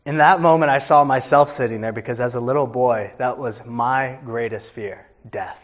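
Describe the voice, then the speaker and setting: A man's voice: mid-range voice, moderate pace, dull audio. A man in his thirties, a pastor preaching a sermon with earnest storytelling.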